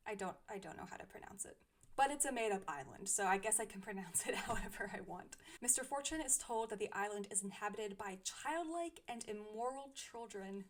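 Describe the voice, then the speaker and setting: A young woman reviewing books she has read, speaking thoughtfully with frequent small laughs. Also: medium pitch. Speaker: book reviewer. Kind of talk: casual book review.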